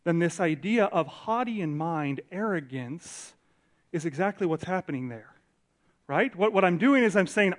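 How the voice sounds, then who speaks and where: A pastor in his thirties gives a conversational sermon in a church, his voice sitting a little above the usual male pitch. He talks with his hands in his words, drops low for reflective points and climbs high and loud when he acts out what others say. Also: moderate pace. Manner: conversational, animated preaching, acts out quotes. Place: church sanctuary.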